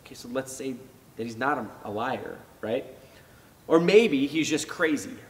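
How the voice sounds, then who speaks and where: A man's voice: mid-range voice, normal speed, big-room sound, recorded from a distance, rough recording. A man giving a casual youth sermon, talking it through conversationally with fillers and restarts. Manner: animated when acting out reactions. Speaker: youth pastor.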